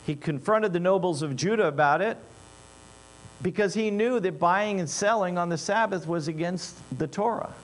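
Guy preaching, kinda high voice, goes quiet then gets loud and fired up, faint hum underneath. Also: normal speed. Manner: animated, swings from low asides to loud emphatic bursts. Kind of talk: sermon.

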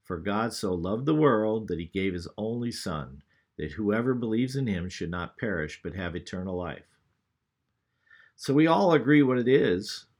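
A man preaching a sermon, who reads scripture aloud and asks the congregation questions. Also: fairly low pitch.

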